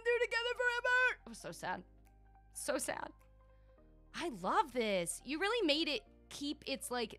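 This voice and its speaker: A young woman streaming a video game live, chatting casually in a gushing, animated way, full of "like" and "dude". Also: mid-range voice.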